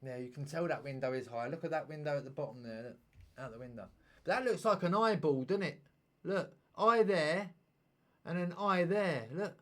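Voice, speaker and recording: A man's voice: fairly high pitch, moderate pace. Sweary man reacting to videos. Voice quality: sweary, slangy, excitable. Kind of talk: casual reaction commentary.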